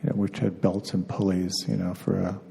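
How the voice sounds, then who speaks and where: A middle-aged man, a meditation teacher, giving an unhurried spiritual talk, pausing and repeating words as he goes. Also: deep voice, flat delivery, gravelly, warm tone, breathy edge. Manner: unhurried, halting, often repeats words as he searches. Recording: long reverb of a hall.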